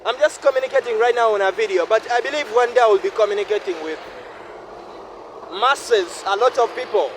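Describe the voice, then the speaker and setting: Hoarse high-voiced man talking outdoors. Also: a little fast. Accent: Ugandan English. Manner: reflective, repeats phrases, shifts into a deeper voice at times. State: hoarse from flu and cough. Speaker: vlogger. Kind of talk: casual vlog monologue. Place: outdoors beside a highway. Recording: noisy outdoor recording with wind. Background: traffic and wind.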